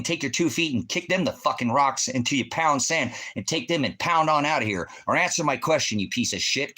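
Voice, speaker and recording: Enraged male streamer, bright, tense voice, swears nonstop, berates a chat viewer. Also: mid-range voice, breathy edge. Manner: profane, confrontational, yelling accusations. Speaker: livestream host, veteran. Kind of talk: livestream rant at a chat viewer.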